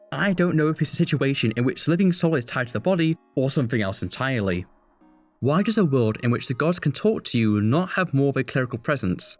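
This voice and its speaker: A man narrates a scripted critique with a sarcastic, exasperated edge. His pitch swings freely up and down, giving the delivery a wry, animated lilt in a mid-range voice. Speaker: video essayist critic. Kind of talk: scripted commentary.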